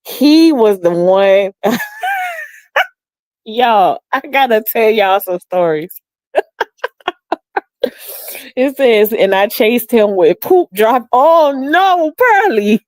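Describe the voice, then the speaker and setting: A woman's voice: very slow, pauses often, no echo, clean studio sound. A middle-aged woman hosting a livestream, chatting casually, reading comments and telling family stories with frequent laughter. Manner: animated, laughs often, acts out quotes in high voice. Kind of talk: casual storytelling chat.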